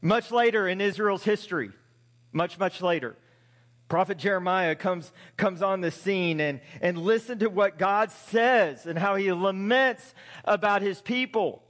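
High-voiced male pastor preaching. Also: measured pace, a bit bright, long reverb tail. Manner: conversational, emphatic, rhetorical questions. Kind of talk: sermon.

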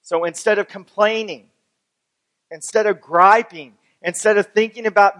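High-voiced preaching pastor. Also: male voice, steady tone, a little slow. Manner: builds from quiet teaching to fervent, rising preaching; reads scripture aloud and explains it. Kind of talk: sermon.

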